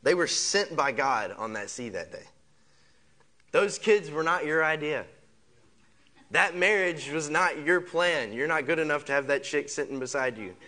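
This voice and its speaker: Unhurried but with lively intonation, this pastor's fairly high, bright and forceful voice carries his sermon. He leans on repeated phrases and a pile of rhetorical questions, leading the congregation in call-and-response as they echo his lines.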